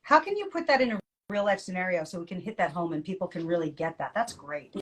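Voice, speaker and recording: Woman podcast co-host, animated storyteller, quick to laugh. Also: lowish voice, a little hiss or hum. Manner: lively storyteller, laughs often. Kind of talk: casual podcast chat.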